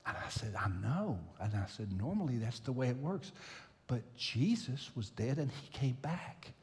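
A man's voice: medium pitch, sing-song, normal speed, darkish tone. An older man, a pastor, preaching a sermon and telling a personal story, repeating phrases for emphasis. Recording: long hall reverb.

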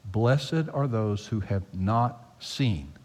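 A man voicing a gentle, calm teacher who speaks softly and reassuringly. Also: on the low side, extremely slow, pitched below the performer's own voice, exaggerated voice. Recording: long hall reverb.

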